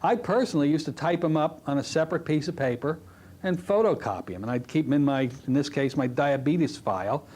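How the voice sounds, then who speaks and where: Middle-aged guy lecturing on hypnosis, bit higher voice, chatty and lively, jumps around in pitch. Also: a little fast, slight background noise. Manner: animated storytelling, drops to a soft hypnotic voice when demonstrating. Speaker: hypnotherapy instructor. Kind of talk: recorded training lecture.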